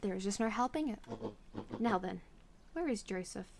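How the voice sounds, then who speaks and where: With an animated mid-range voice and light acting, an Australian woman portrays a pompous, cruel old bird villain from a storybook game. The character gloats in a sneering, theatrical, slow and grand way, and there's background noise.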